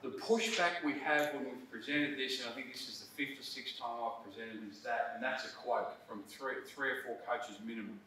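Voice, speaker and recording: A man in middle age presents to a room of coaches, talking emphatically and tagging his points with quick check-ins. His voice is bright and forward. The mic sits well back in a very echoey hall with a faint hiss behind. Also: medium pitch. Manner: emphatic, conversational, frequent "right?" tags. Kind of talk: workshop presentation. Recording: roomy hall, distant mic, faint noise.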